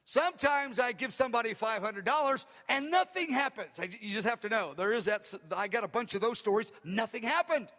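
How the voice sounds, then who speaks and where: A man preaching with a very high, bright voice. He tells his stories animatedly and acts out each person's lines. A long reverb from a large church hall rings around him. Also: expressive, a little fast, few pauses. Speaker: pastor. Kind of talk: sermon storytelling.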